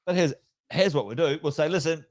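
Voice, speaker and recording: An Australian man co-hosting a finance chat show, with a somewhat high voice. He talks bluntly and swears freely, slipping into mocking impressions of officials. The sound is dry and close. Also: lively intonation, a little fast, dry recording. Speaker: podcast co-host. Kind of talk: casual banter on finance.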